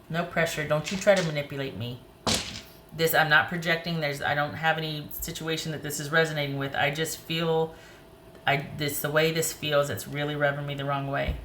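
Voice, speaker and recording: Low-voiced, outspoken woman reading tarot. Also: slight background noise. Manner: animated, opinionated, talks straight to the viewer. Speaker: tarot reader. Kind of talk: casual tarot reading to camera.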